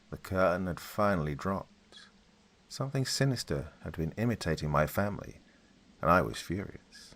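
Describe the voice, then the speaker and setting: A male storyteller reads a dark first-person tale in a measured, dramatic way. His voice sits low and has a husky texture. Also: expressive.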